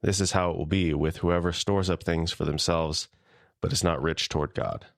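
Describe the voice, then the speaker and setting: A man co-hosting a podcast, reading a scripture passage aloud in a measured, even way. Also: low voice, gravelly, no room sound, studio quality. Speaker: podcast co-host. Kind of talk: scripture reading and casual discussion.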